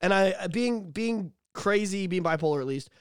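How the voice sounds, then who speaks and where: A man co-hosting a podcast, talking candidly and swearing a lot, sometimes bursting into loud shouted bits. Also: high voice, animated, moderate pace, clean tone, no echo, clean studio sound. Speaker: podcast co-host. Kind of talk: candid casual chat.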